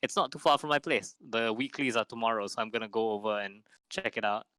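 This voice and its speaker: A man's voice: fairly low pitch, fast, no echo, low-quality recording. A young man with a Malaysian English accent, chatting casually on a podcast and acting out the people in his stories. He sounds a little run down and coughs now and then. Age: young adult. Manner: animated storyteller, acts out other people's lines. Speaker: podcast co-host. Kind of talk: casual chat.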